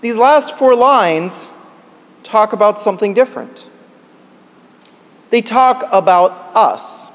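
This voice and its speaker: A male pastor with a high voice gives a sermon in a church, his words trailing into a long reverberant tail. He delivers a joke and then teaches in a measured, deliberate way.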